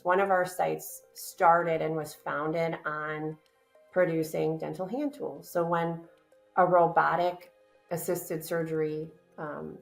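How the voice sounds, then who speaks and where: A woman's voice: low voice, vocal fry. A woman answering interview questions as a company business director, earnest and upbeat, with frequent fillers.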